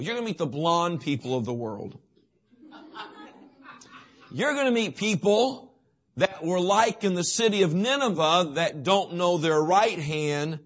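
A middle-aged man preaching a sermon in folksy storytelling, swinging from booming to hushed.

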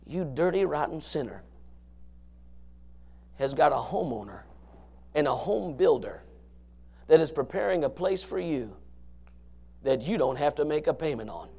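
A man preaching a fiery sermon, swinging from low murmurs to shouted passages in a folksy, emphatic way. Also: animated, unhurried, vocal fry, long pauses, husky. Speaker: pastor.

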